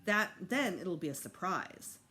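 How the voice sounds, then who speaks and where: A woman voicing a calm, patient father in a storybook read-aloud. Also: fairly low pitch, a little slow, full character voice.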